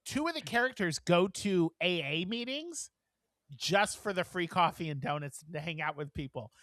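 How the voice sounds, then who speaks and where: A tired man co-hosting a casual podcast, rambling and giggling through his stories. His voice is bright and lively. It is recorded close and dry. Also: high-pitched, moderate pace, no room sound. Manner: chatty and giggly, rambling with many fillers. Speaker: podcast co-host. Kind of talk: casual chat.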